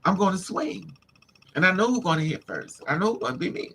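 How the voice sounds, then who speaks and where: A man's voice: high-pitched, expressive, a little fast, gravelly, bright, forceful tone, a little hiss or hum. A man livestreaming, telling a candid personal story in an emphatic, casual way and calling his listeners honey and child. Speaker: livestream host.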